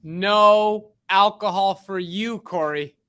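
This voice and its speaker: A man co-hosting a casual online chat, speaking at a measured pace with the odd hesitation. His voice sits high for a man. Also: bright, forceful tone, clean tone. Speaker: co-host. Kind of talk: casual chat and reading aloud.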